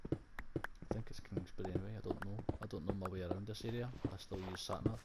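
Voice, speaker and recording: A man's voice: sits low, steady tone, fast talker. Scottish man rambling profanely, noisy recording. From Scotland. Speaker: gaming vlogger. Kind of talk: casual chat while playing a game. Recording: loud background noise.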